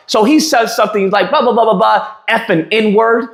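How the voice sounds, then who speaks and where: A streamer in an echoey room casually retells a heated argument, acting out the quoted lines and restarting often. His voice sits high with a fairly bright tone, and he talks fairly quickly with hardly any pauses. It's a loose storytelling rant.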